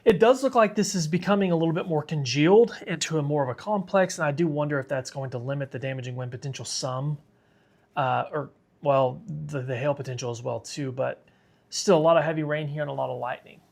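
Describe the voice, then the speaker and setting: A man's voice: on the high side, a little fast, creaky, a little mellow. A man hosting a live severe weather stream, tired and sick, talking casually and reading viewer comments aloud. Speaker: weather livestream host.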